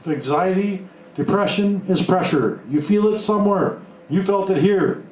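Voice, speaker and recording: A man's voice: high voice, unhurried, a little mellow, far from the mic. Male seminar speaker, emphatic, echoey hall sound with faint hiss. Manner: emphatic, acts out quoted voices. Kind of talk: motivational seminar talk. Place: seminar room before a live audience.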